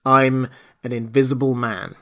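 A man's voice: mid-range voice, level tone, unhurried, pushed and bright. A man doing a stern, commanding invisible man. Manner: firm, clipped, commanding.

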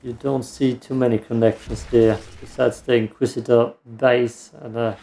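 A man's voice: mid-range voice, flat delivery, normal speed, vocal fry, warm tone, a little hiss or hum. A man giving casual, self-mocking commentary while he plays a video game. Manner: dry, self-mocking remarks while playing. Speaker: gameplay streamer. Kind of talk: casual let's play commentary.

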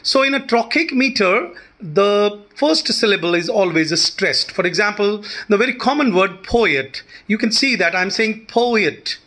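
A man, teaching a short lecture on poetry and pausing often with fillers. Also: sits high, animated, sharp tone. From India. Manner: explanatory, many fillers and restarts.

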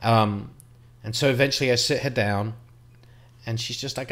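A middle-aged man speaks in a mid-pitched, everyday voice, recounting a personal memory. He talks in a halting, reflective way, restarting sentences and dropping the odd curse. The delivery stays conversational and unpolished. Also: steady tone, fairly bright tone. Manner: reflective, halting, with frequent restarts and mild swearing. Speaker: vlogger. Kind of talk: personal storytelling to camera.

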